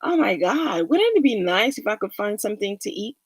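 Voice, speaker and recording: A woman's voice: medium pitch, sing-song, brisk, breathy edge, dry recording. A woman voicing a hungry man wandering the desert who keeps exclaiming his wishes aloud. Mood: wishful.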